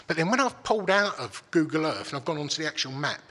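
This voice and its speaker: A man's voice: a little high, very animated, fast, pushed and bright. A man telling a story in casual chat, swearing freely and restarting his sentences. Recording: long hall reverb.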